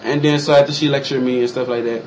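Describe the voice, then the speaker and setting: A young man telling a personal story in casual vlog style, animated and acting out other people's lines in exaggerated high voices. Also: fast, slight background noise, low-quality recording. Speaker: vlogger.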